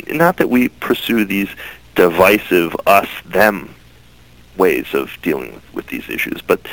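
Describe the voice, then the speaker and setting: A man's voice: lowish voice, gravelly, a bit bright, rough recording. A man from the United States answering interview questions earnestly, often repeating words as he starts a phrase. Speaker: guest.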